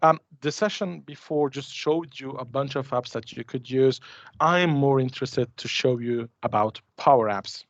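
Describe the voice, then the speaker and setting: Man demoing software, dull audio. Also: mid-range voice, normal speed, no echo. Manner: chatty, restarts and hesitates while clicking through a demo. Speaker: conference presenter. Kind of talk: live software demo.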